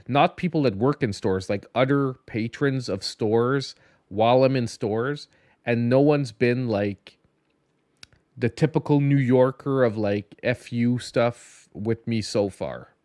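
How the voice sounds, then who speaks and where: A man's voice: mid-range voice, a little slow, a little mellow, no echo, clean studio sound. A tired man hosting a casual gaming podcast, rambling with many restarts and a slight lisp. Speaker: podcast host. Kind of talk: casual late-night podcast chat.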